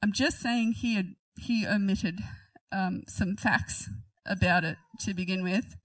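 A woman's voice: mid-range voice, unhurried, no echo, far from the mic, low-quality recording. A woman reading a Bible passage aloud and commenting on it in a chatty, giggly way. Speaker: Bible teacher.

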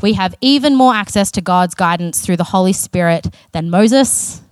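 A woman's voice: medium pitch, animated, normal speed, no echo. A woman delivers a sermon in an earnest, chatty manner, slipping in casual asides. Her voice sits in an ordinary middle register. The sound is dry and close, with little room around it. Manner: earnest and conversational, with self-aware asides. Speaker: preacher.

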